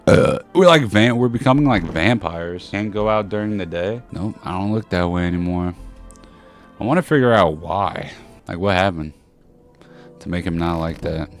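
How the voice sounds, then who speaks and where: Low-voiced goofy male gamer. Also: normal speed, faint music behind. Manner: goofy, swears and jokes between read lines. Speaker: gaming streamer. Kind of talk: playing a game and reading its characters aloud.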